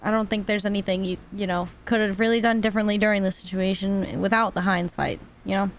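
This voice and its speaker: A woman's voice: mid-range voice, fairly even intonation, quick pace, slight background noise. A woman chatting casually on a podcast, swearing freely and joking. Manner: laughs often, swears, chatty. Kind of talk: casual chat.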